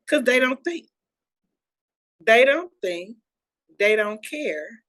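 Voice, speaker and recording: A woman's voice: fairly high pitch, very animated, takes it slowly, pauses often, a bit bright. A woman co-hosting a podcast, telling a story in loose, conversational vernacular. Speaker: podcast co-host. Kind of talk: casual chat.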